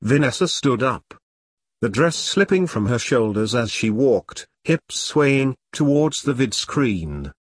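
A man reads a first-person detective story with dry, deadpan wit. His voice has a husky grain and moves expressively up and down in pitch, recorded close and dry with no room sound. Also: slow, dry recording. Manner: wry, deadpan, self-mocking. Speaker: audiobook narrator.

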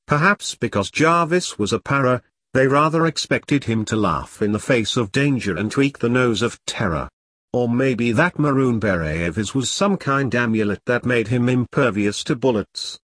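A man's voice: medium pitch, fairly bright tone, dry recording, studio quality. Man narrating an audiobook. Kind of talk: scripted narration.

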